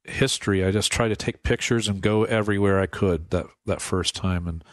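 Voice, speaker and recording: A man, a priest, telling stories from his life in a relaxed radio interview, laughing often and acting out the voices of people he quotes. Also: lowish voice, brisk, no echo, studio quality. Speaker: priest guest. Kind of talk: casual storytelling interview.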